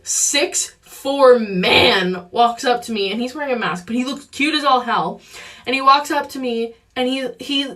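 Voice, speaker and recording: A young woman with a high, bright voice rambles through a casual storytime. She fills it with "like" and restarts her sentences. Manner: rambling, filler-heavy.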